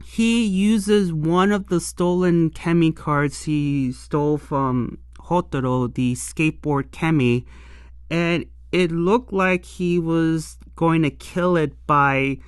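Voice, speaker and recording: Exasperated, unhurried reviewer venting. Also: mid-range voice, clean tone, dry recording, studio quality. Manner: exasperated, rambling, frequent sighs and restarts. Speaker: show reviewer. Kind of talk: casual review commentary.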